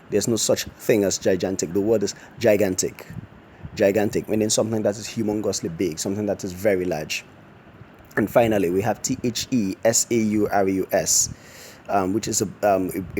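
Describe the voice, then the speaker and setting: Male pronunciation tutor, low mellow voice, methodical letter-by-letter delivery. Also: slight background noise. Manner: deliberate, spells words out letter by letter. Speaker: English pronunciation teacher. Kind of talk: spoken pronunciation lesson.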